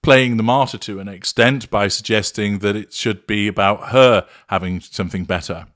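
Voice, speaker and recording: A man narrating a clinical, measured analysis of a recorded argument, naming each tactic as he goes. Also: lowish voice, a bit bright. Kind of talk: analytical voice-over commentary.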